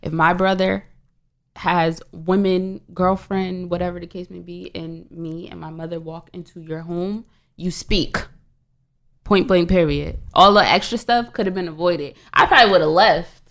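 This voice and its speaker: A woman's voice: fairly low pitch, steady tone, normal speed. A woman co-hosting a podcast, speaking bluntly and with strong opinions in casual chat. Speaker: podcast co-host.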